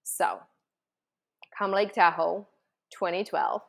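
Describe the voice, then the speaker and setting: A woman's voice: fairly low pitch, slow pace, creaky. A woman host telling a personal story in an earnest, emotional way, with lots of fillers and restarts.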